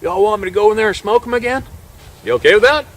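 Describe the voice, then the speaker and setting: A man putting on a keyed-up hunter who drawls his words in a voice pitched well above his own. The recording has a steady hum of noise underneath. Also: fast talker. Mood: eager. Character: eager male hunter asking to shoot again.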